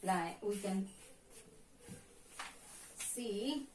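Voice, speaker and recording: Speaking very slowly with an animated, medium-pitched voice of darkish tone, a woman teacher with a Bangladeshi accent runs a pronunciation drill, repeating every word several times. The distant recording is echoey, with slight background noise.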